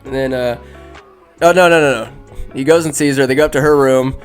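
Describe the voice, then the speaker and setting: A man's voice: medium pitch, fairly even intonation, a little fast, faint music behind. A man hosting a podcast, casually retelling a movie in a rambling, offhand way full of asides. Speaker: podcast host.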